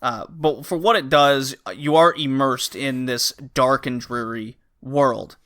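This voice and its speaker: Guy on a podcast rambling thru a game plot, bright punchy voice. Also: medium pitch, fairly even intonation, takes it slowly. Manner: rambling, acts out characters' lines. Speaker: podcast host. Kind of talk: casual game review chat.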